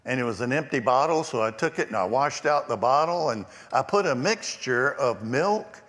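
A man preaching a storytelling sermon as pastor, with shifting emphasis and hushed asides. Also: mid-range voice, lively intonation, normal speed. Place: church sanctuary. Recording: long church reverb.

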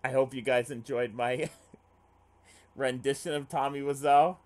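A man's voice: medium pitch, fairly even intonation, measured pace, darkish tone. Swearing man reading a game aloud. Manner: swears often, reacts aloud. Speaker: let's play streamer. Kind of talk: reading a visual novel aloud with commentary.

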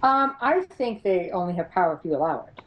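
A middle-aged woman, a paranormal investigator, telling her experiences as an interview guest, animated and laughing often as she acts out what others said. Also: on the low side, a little fast, highs cut off. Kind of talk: storytelling in an interview.

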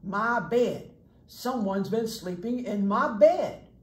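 A woman voicing an alarmed father bear with loud, urgent exclamations. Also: medium pitch, expressive, slow. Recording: echoey room, faint noise.

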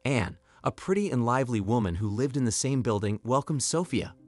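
A man narrating a scripted drama story in an expressive, even-paced reading. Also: medium pitch, brisk, no room sound.

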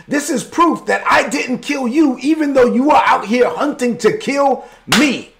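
A bold young hero facing down a king, as a male preacher acts him out. He speaks in a raised, insistent voice, pitched high with a gravelly grain. The delivery presses the case at every line. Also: lively intonation, a little slow, heavily acted. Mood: bold, pleading.

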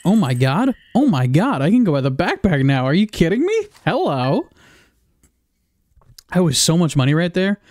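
A man's voice: a little high, wildly swooping pitch, normal speed, a little mellow, dry recording. Joking, swearing man playing a game. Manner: joking, swears freely, rambling asides. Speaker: gaming video creator. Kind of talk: casual gameplay commentary.

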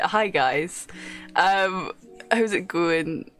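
A woman's voice: medium pitch, expressive, a little slow, a bit bright, faint music behind. A young woman streaming a game live, chatting casually, swearing often and laughing as she thanks viewers.

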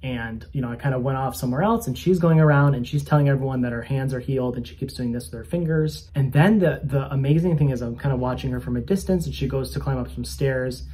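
A man's voice: mid-range voice, fast, few pauses, dark tone, slightly rough. A man who hosts a spiritual coaching channel, sharing a personal faith testimony in an earnest, conversational and slightly self-conscious way. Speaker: spiritual coach and video host.

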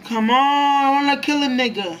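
A young man commentating his own gameplay, excitable and jumpy, swearing often. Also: very high-pitched, normal speed, slight background noise. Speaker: gaming YouTuber.

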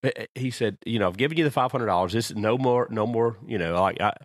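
A man's voice: mid-range voice, fast, dry recording. A man co-hosting a podcast, chatting casually and telling long rambling stories. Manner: rambling storyteller. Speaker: podcast co-host. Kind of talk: casual chat.

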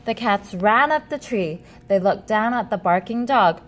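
A woman reading a children's picture book aloud as storyteller, in an animated, expressive way. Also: medium pitch, a little slow, a little hiss or hum.

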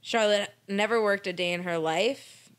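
A woman's voice: mid-range voice, moderate pace. An American woman co-hosting a true-crime podcast in a loose, joking chat. She swears freely and laughs often as she recaps the case in an easygoing, conversational way. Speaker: podcast co-host.

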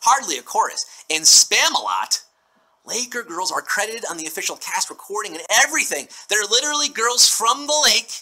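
Bright, punny quiz show host. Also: male voice, high-pitched, big pitch swings, fairly quick, low-quality recording. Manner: playful, punning, breaks into song snippets. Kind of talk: live mobile trivia hosting.

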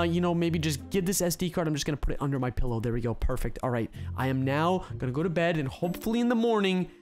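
A man hosting a gaming video, commenting on a role-play game in an excitable, exclaiming way and quickly turning indignant. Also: on the high side.

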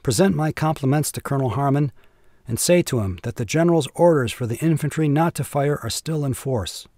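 A man doing a quiet, stern army colonel. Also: medium pitch, fairly quick, dry recording, clean studio sound. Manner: quiet, flat, clipped. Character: stern, weary older male army colonel.

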